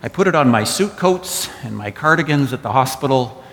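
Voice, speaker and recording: A man's voice: mid-range voice, lively intonation, brisk, fairly bright tone. A man giving a sermon as pastor, telling stories with wry asides. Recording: echoey church hall.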